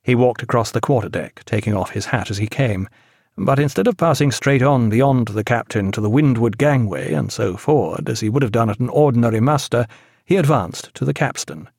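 A man narrating an audiobook in a measured, even storytelling manner, recorded on a close studio mic. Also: mid-range voice, no room sound. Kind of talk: scripted narration.

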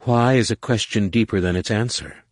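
A man voicing a calm riddling alien woman. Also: on the low side, dry recording, studio quality, lightly acted. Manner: slow, measured, questioning. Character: calm enigmatic female alien mentor, riddling. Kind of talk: audiobook reading.

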